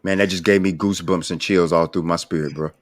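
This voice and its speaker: Low-voiced podcast host, quick reactions, short questions. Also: male voice, steady tone.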